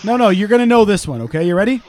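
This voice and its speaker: A man's voice: sits high, animated, very fast, a little mellow. A man hosting a podcast in casual chat, brash and full of crude banter. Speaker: podcast host.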